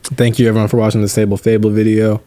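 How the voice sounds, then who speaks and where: A young man co-hosting a podcast, telling an animated story in casual chat, peppered with swearing and fillers. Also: lowish voice, quick pace, dry recording. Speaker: podcast co-host.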